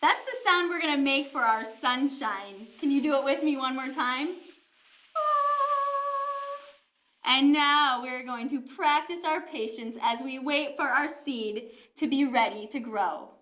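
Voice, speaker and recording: Gentle high-voiced woman teaching toddler yoga. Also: moderate pace, few pauses. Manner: gentle, encouraging, sing-song teacher talk. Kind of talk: guided yoga lesson for toddlers.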